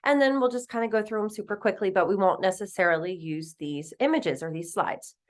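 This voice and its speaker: A woman teaching a recorded French lesson, patiently explaining and repeating phrases slowly. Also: medium pitch.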